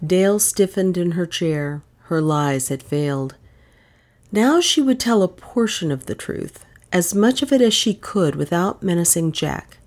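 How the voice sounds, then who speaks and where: Low-voiced woman narrating a mystery. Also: expressive, darkish tone. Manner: measured, dramatic storytelling. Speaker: audiobook narrator. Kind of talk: scripted narration of a mystery novel.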